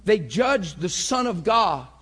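A man preaching a sermon with passion, moving between loud bursts and hushed, intense talk. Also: high-pitched, sing-song, slow pace, slightly rough.

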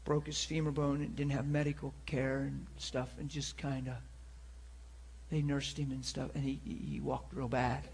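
A man's voice: medium pitch, little pitch movement, normal speed, gravelly, darkish tone, slightly rough. A man preaching a sermon, telling a personal story in an earnest, storytelling manner. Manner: earnest, storytelling, with many repeated words.

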